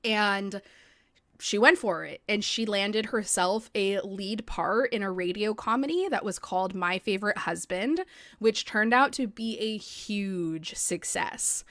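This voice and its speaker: A woman's voice: mid-range voice, unhurried, fairly bright tone, no echo, clean studio sound. A young adult woman hosting a podcast in casual chat, talking freely with lots of "like" and casual swearing. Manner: chatty, swears freely, heavy use of "like". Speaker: podcast host. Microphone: podcast microphone.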